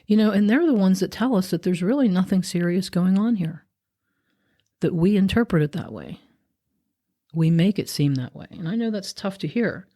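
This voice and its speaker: Mellow low-voiced woman musing gently. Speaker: podcast host. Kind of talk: reflective spiritual monologue.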